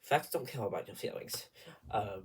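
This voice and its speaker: A young man chatting in a casual vlog, telling a long, rambling story with animated asides and sudden dips into whispering. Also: lowish voice, normal speed, a little hiss or hum. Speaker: vlogger.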